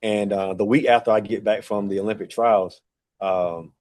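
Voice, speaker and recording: A man in his forties, a track and field director appearing as a podcast guest, tells a long personal story in a casual, rambling way, full of fillers and acted-out dialogue. His voice is fairly low and darkish, with a steady tone and normal speed.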